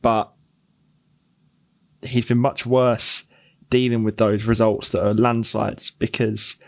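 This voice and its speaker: Co-host, man, lowish voice, measured and reflective, stammers a bit on restarts. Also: flat delivery. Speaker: podcast co-host. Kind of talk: casual chat.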